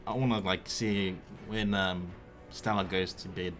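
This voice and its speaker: A man's voice: low voice, steady tone, measured pace, a bit bright, soft background music. A man playing a tabletop game, talking in character hesitantly with many ums. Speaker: player. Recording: noisy mic.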